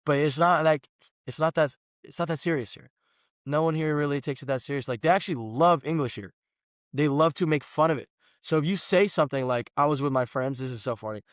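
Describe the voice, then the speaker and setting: A man, a guest telling animated, slangy stories on a casual podcast. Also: a little high, fairly quick, no room sound. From Los Angeles, USA. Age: 20s. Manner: animated storyteller, slangy, says "bro" often.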